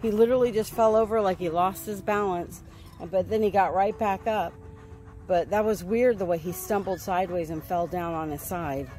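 A woman's voice: mid-range voice, fairly even intonation, normal speed, mellow, low-quality recording. A woman, chatting casually on a phone vlog about her dog, laughing often. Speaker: dog owner vlogger. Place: car, then vet clinic.

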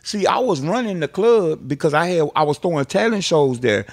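A man from Texas, an interview guest, telling long stories in an animated way, repeating words and swearing freely. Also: a little high, moderate pace, no room sound, clean studio sound. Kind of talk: animated storytelling.

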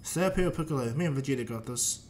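A man's voice: mid-range voice, lively intonation, fast, a little mellow, a little hiss or hum, lightly acted. A man voicing a cheerful, confident adult hero fighter in a fan-made story narration. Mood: easygoing. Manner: easygoing, teasing.

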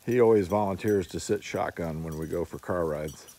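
A man's voice: low voice, normal speed, dark tone, slight background noise. A man vlogging outdoors in melting snow, talking to his dogs in affectionate baby talk and laughing often. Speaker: vlogger, dog owner.

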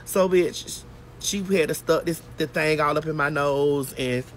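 A woman's voice: sits low, measured pace, a little hiss or hum. A woman hosting a casual phone livestream outdoors while getting her hair braided, telling a brash, profane story. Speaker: host.

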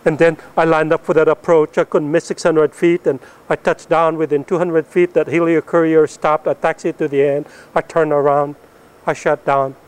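A middle-aged man delivers a spirited testimony, his somewhat high voice building with excitement and then sinking almost to a hush as each line closes. He speaks as a missionary pilot, in an emphatic, story-driven way. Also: normal speed, clean tone. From northern Philippines. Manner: animated storytelling that swells up and then drops soft at the ends of lines. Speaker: missionary pilot and Bible translator. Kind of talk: testimony speech to an audience.

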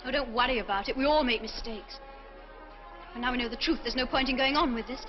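A woman's voice: a little high, quick pace, natural voice. An actress playing a spirited young nurse who teases a shy young man, in a 1950s film. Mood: teasing. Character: young fair-haired nurse, teasing and spirited. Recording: dull old film soundtrack with music.

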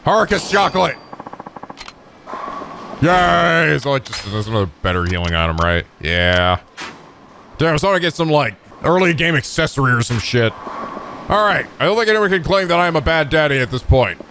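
In this gaming commentary, a let's play host with a medium-pitched voice talks a little fast over a faint hiss or hum. He curses and trash-talks excitably, feigning anger.

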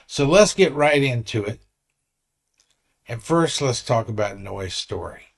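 A man in his late sixties talks slowly and steadily to his camera in a casual vlog. He tells his story earnestly, wandering and restarting his sentences as he goes. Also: mid-range voice, animated, gravelly. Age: 60s. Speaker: vlogger.

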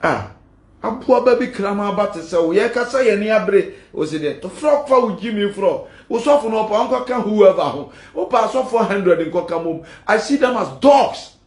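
Ghanaian male pastor, high voice, heated preaching, defiant and combative. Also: lively intonation, moderate pace, a little mellow, reverberant. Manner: mixes Twi and Pidgin English, fiery and defiant.

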